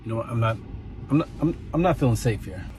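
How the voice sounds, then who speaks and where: A man telling comedic stories about his days as a pre-K teacher, with stammered restarts and sudden high-pitched outbursts when flustered. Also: lively intonation, quick pace, a little mellow, a little hiss or hum. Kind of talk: storytelling comedy with acted-out quotes.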